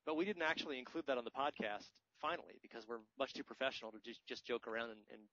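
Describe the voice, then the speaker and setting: A man's voice: medium pitch, rapid-fire, bright, forceful tone, no room sound. An American man hosting a podcast in casual, joking, rambling chat. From United States. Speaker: podcast host. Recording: dry, slightly muffled podcast audio.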